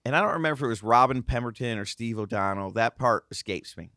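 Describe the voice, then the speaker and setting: A man in his thirties telling a casual, animated story on a podcast, acting out the voices of the people in it. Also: medium pitch, fast, no echo, clean studio sound. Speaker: guest host, former racing driver.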